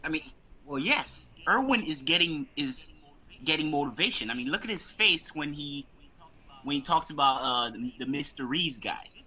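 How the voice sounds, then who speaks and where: Halting young man, bright and lo-fi. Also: fairly high pitch, expressive. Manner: halting, restarts phrases. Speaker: podcast co-host. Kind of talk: casual chat. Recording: dull lo-fi audio.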